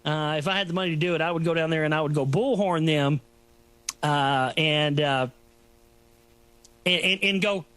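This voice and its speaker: A man's voice: on the high side, normal speed, long pauses, a bit bright, smooth. A man hosting a talk show, rambling through a sarcastic, mocking solo commentary. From Texas.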